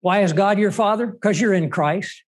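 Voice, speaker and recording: Male preacher, high-pitched, emphatic, full of rhetorical questions. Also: normal speed. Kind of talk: sermon.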